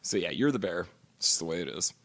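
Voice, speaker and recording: A man's voice: sits low, sing-song, fast, gravelly. A middle-aged man co-hosting a podcast, telling long profane stories in casual chat. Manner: profane storytelling. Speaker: podcast co-host.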